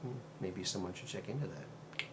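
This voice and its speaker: A man's voice: low voice, lively intonation, background noise. A man hosting his own show, retelling a story in a loose, meandering way with many ums and uhs. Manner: meandering, halting, frequent um and uh fillers. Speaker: host. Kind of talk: casual monologue retelling a story.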